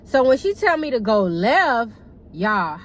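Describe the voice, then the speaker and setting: A young woman telling a casual storytime to her viewers in a chatty, animated way, cussing freely and calling them y'all. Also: on the high side, a little slow, rough recording. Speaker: vlogger.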